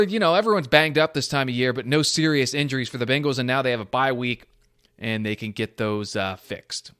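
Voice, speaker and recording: A young man hosting a solo sports podcast, talking animatedly and thinking aloud, often poking fun at himself. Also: fairly high pitch. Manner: animated, self-deprecating, thinking aloud with restarts. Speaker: podcast host.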